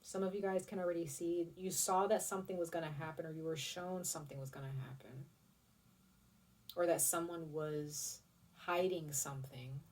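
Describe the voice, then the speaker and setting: A woman's voice: sits low, fairly even intonation, normal speed, a little mellow, far from the mic. A woman giving a casual tarot reading to her viewers, chatty and rambling, with restarts and casual swearing. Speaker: tarot reader.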